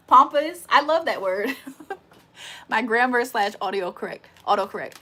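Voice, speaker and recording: A young woman hosts a casual live stream, laughing often and calling her viewers y'all. Her voice is a little high and sharp, with lively intonation and an unhurried pace.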